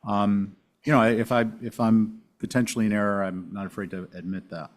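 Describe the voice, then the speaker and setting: Lower-voiced man on a town commission. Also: level tone. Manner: measured, polite, thinking aloud. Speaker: commission member. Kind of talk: public meeting discussion.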